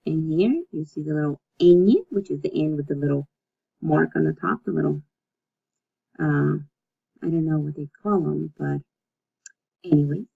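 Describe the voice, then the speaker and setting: A woman teaching a recorded language lesson, speaking slowly and patiently and repeating words so learners can practice. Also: low-pitched, creaky, husky. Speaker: Spanish teacher. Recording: dull lo-fi recording.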